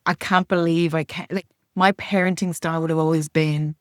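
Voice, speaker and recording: A middle-aged woman telling her story as a podcast guest, frank and earnest, with blunt language and quick restarts. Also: low-pitched, little pitch movement, dry recording, studio quality. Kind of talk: candid conversational storytelling.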